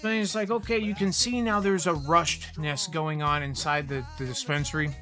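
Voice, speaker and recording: Man, stream host, casual rambling chat, profane storytelling, bright forceful voice, faint music behind. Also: fairly high pitch, moderate pace. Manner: rambling, profane, animated retelling of customer stories. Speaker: livestream host.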